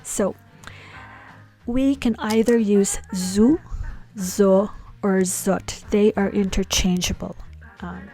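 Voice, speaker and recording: A woman's voice: mid-range voice, fairly even intonation, slow pace, long pauses, dark tone, breathy edge, soft background music. A woman teaching a Hebrew lesson, patiently explaining grammar step by step with many small fillers. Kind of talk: explaining slides in a language lesson.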